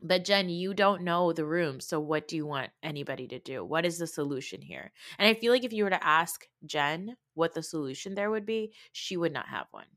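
A woman's voice: low voice, lively intonation, a little fast, few pauses, a bit bright, no room sound, studio quality. A young woman hosting a podcast, giving a casual, blunt reality-TV recap with swearing and mocking asides. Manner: opinionated, blunt, swears freely; mocking imitations of people. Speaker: podcast host.

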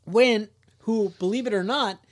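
Guy with a high voice rambling thru a crime story, cracking jokes and doing the people's lines. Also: unhurried. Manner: jokey, rambling, acts out quotes. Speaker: podcast host. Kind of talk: casual true-crime storytelling.

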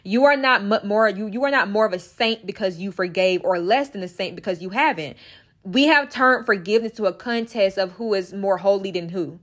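A woman's voice: mid-range voice, fairly quick. Emphatic woman hosting a podcast. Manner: emphatic, repetitive, candid with swearing. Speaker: podcast host. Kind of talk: casual solo podcast monologue.

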